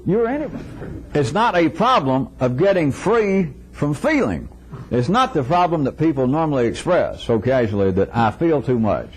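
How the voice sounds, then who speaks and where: Guy lecturing a crowd, pretty high voice that swoops all over, wry, chuckles a lot, acts out bits of dialogue. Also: sing-song, moderate pace, a little hiss or hum, low-quality recording. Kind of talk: informal philosophical lecture to a live audience.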